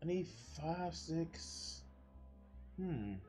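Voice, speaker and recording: A man's voice: on the high side, lively intonation, very slow, a little mellow, soft background music. A man streaming a reaction to a debate clip, mocking and laughing with heavy profanity. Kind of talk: live reaction commentary.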